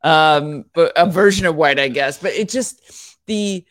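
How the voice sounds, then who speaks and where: A woman's voice: deep voice, a little slow, dry recording, clean studio sound. A woman co-hosting a devotional podcast, reading scripture aloud in an earnest voice and chatting casually between passages.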